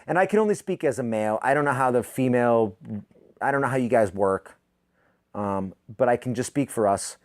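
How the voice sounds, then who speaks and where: A man's voice: brisk, dry recording. Profane ranting man, dry close sound. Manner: profane, sardonic ranting with sudden loud pitch jumps. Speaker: podcast host. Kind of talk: comedic rant monologue.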